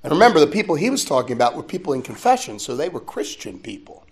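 Animated friar preaching. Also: male voice, a little high, fast talker. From United States. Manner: animated and conversational, with asides to the listeners. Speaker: friar preaching at a religious conference. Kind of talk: sermon.

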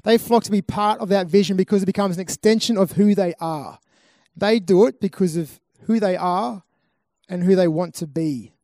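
High-voiced earnest man. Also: normal speed, warm tone. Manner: earnest, repetitive emphasis. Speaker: speaker at a youth festival. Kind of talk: live motivational talk. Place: live event venue with an audience.

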